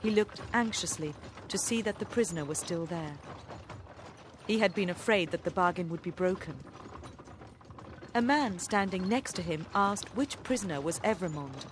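A woman narrating an audiobook in a measured, even way. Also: fairly low pitch, a little hiss or hum. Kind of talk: audiobook reading.

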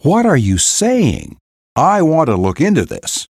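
A man's voice: on the high side, huge pitch swings, measured pace, a little mellow, breathy edge, no room sound, clean studio sound, pitched above the performer's own voice, full character voice. A male narrator voicing an authoritative middle-aged police sergeant in an audiobook, speaking firmly and with command. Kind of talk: audiobook character voice.

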